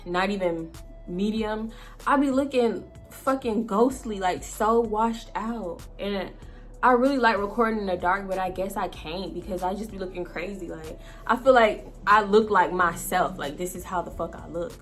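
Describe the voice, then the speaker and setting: Young woman vlogger, loose and profane, shot on a phone at home. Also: mid-range voice. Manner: profane, chatty, animated storytelling to viewers. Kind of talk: casual storytime chat. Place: home, indoors. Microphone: phone camera.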